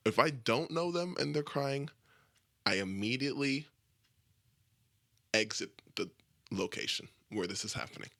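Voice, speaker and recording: A young man hosts a solo podcast in a medium-pitched, sharp voice, recorded dry. His casual monologue is crude, rambling and self-deprecating, packed with swearing.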